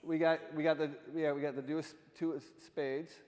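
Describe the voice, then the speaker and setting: A man's voice: fairly high pitch, little pitch movement, normal speed, a little mellow. A man giving a playful, joking art talk to a congregation, often quizzing his listeners. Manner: playful, jokey, quizzes the audience. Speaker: artist in residence giving a presentation. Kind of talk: humorous illustrated talk to a congregation. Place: church sanctuary. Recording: long reverb of a church sanctuary.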